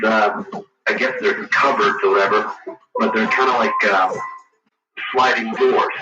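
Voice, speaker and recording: A man on a call-in radio show tells a spooky story, stopping and restarting as he hunts for words. His voice sits at a middling pitch and comes across muffled and far from the mic. A roomy echo and loud music run under this old radio recording. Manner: halting, rambling storyteller who searches for words. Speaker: caller. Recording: dull, distant, echoey archival radio broadcast with loud music.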